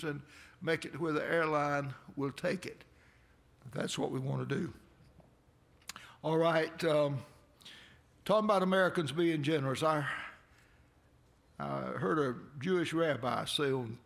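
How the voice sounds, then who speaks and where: A man pastoring his congregation in a church, his fairly high voice roughened by a gravelly fry. He preaches in a loose, folksy way, wandering into asides and chuckling along with the room. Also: a bit bright. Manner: rambling, conversational, chuckling. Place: church sanctuary.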